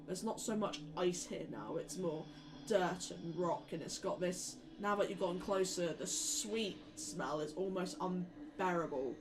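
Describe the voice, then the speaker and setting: A woman narrating a tabletop role-playing game as game master, describing scenes in a relaxed way with plenty of fillers. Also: lowish voice, unhurried, noisy background.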